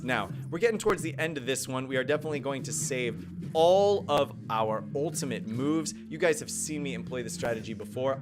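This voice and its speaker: A playful man commentating his game live and chatting with viewers. His pitch leaps up and down with excitement. Game music plays clearly behind him. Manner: playful, excitable, talks to chat. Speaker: gaming streamer.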